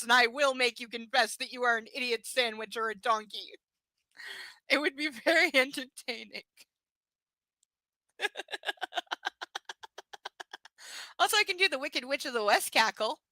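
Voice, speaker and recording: A woman's voice: high-pitched, a little fast, bright, forceful tone, dry recording, low-quality recording. A woman streaming, reading a novel aloud and chatting bluntly, swearing freely and ranting animatedly. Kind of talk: casual live-stream reading and chat.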